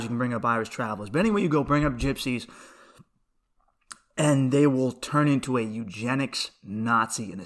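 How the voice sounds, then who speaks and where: A young man hosts a podcast, rambling through stories with swearing and frequent laughs. His voice is bright and forceful at an ordinary pitch, in a loose, casual delivery. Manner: rambling, profane, laughs often. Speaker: podcast host. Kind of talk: casual comedic monologue.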